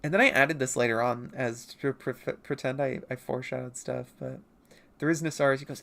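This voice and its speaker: A woman's voice: extremely low pitch, steady tone, a little fast, gravelly, fairly bright tone. A woman comic artist chatting on her livestream about her old drawings, rambling and self-mocking. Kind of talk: casual livestream chat.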